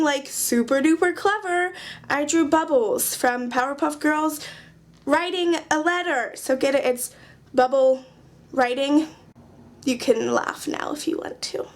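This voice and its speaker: A young woman casually chatting through her journal pages in a vlog, joking at herself with dry sarcasm. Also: high-pitched. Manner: chatty, self-mocking, sarcastic jokes. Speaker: craft journaling vlogger. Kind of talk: casual chat.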